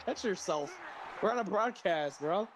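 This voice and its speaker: A man calling play-by-play for a game stream in a casual, jokey way, laughing often and shouting on big plays. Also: sits high, animated, moderate pace, noisy background. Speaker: play-by-play commentator.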